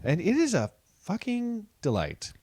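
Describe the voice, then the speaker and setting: A man's voice: high-pitched, a little slow, slightly rough, no room sound. A man co-hosting a podcast in casual chat, telling stories animatedly and acting out reactions. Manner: animated storyteller, acts out reactions. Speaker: podcast co-host.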